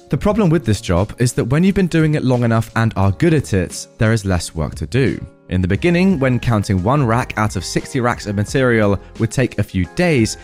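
A man narrates stories with a lively, swooping delivery. His pitch sits in the middle and leans hard on punchlines. Soft music plays faintly behind him. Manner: lively, dramatic storytelling with punchy emphasis. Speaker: podcast host reading stories.

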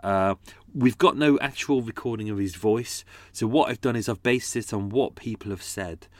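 A man's voice: lowish voice, moderate pace, no echo. A man talking casually about making his audio drama, rambling and correcting himself as he goes. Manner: rambling, self-correcting, chatty. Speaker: podcast creator. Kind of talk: casual behind-the-scenes commentary.

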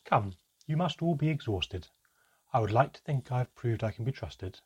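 A man voicing a calm, aloof female elf in an audiobook, speaking in a measured way with deliberate pauses and a husky voice. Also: medium pitch, lo-fi sound. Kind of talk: audiobook character reading.

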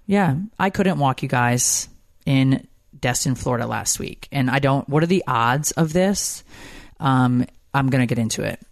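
Animated, rambling woman storyteller. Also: a bass voice, a little slow, no room sound, studio quality. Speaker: podcast co-host. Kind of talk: casual chat.

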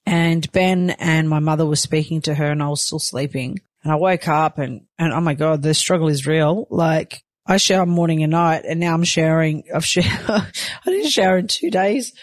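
A woman's voice: deep voice, normal speed, no room sound, studio quality. A woman, a new mother talking openly and emotionally in a chatty personal vlog. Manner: open, emotional, chatty with many fillers.

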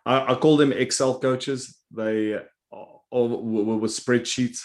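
A man's voice: medium pitch, fairly even intonation, measured pace, darkish tone. A middle-aged man, a retired rugby player and coach, hosting an interview with easy enthusiasm. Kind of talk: casual interview chat.

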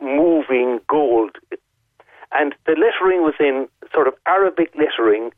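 Irish man, caller on a phone-in, fairly high voice, vivid and detailed storytelling, thin phone-line sound. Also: lively intonation, measured pace, no echo. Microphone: telephone.

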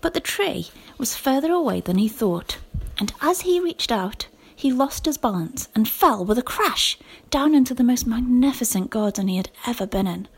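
A woman teacher reading a children's story aloud, lively and expressive. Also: fairly high pitch, normal speed, gravelly, few pauses, husky. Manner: lively expressive reading with whispered character lines.

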